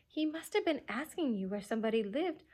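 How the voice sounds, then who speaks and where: A woman's voice: a little high, lively intonation, brisk, a little mellow. A woman voicing an eager young boy who pleads and insists.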